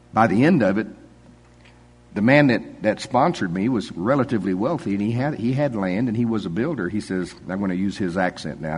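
A man's voice: deep voice, husky. An older man preaching a sermon in a folksy, conversational way, chuckling often.

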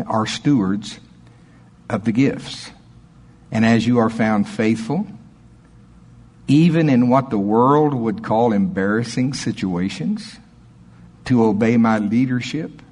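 Husky-voiced man preaching a sermon. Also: medium pitch. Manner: storytelling, animated in anecdotes.

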